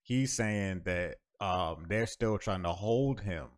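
Deep-voiced man explaining in casual slang. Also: slow, no room sound, clean studio sound. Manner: laid-back, explains news at length in slang. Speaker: podcast co-host. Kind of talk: casual chat.

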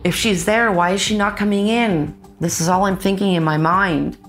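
A mother speaking in an interview, recounting a traumatic night in a halting, pained way, repeating words as she goes. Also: mid-range voice, steady tone, soft background music.

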